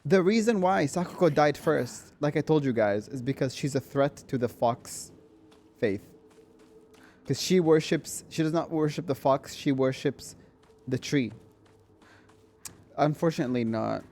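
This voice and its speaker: A man streaming a horror game, chatting excitedly with viewers, swearing and laughing as he plays. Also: medium pitch, moderate pace, a little hiss or hum. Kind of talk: casual gameplay commentary.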